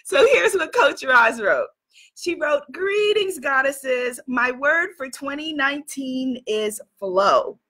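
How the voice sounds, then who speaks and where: A woman's voice: high voice, animated, slow, pushed and bright. A woman spiritual coach hosting a motivational video, reading out messages and cheering with effusive repeated praise.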